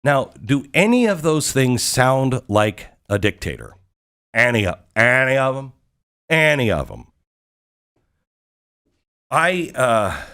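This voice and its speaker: A talk show host telling a story in an excited, emphatic way, with rhetorical questions to the audience. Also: male voice, fairly low pitch. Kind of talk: monologue recounting a visit.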